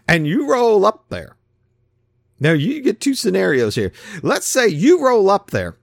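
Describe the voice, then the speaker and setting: Folksy, animated male preacher. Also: sits high, a little slow, gravelly, no echo, studio quality. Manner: folksy, acts out voices in his stories. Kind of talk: casual sermon.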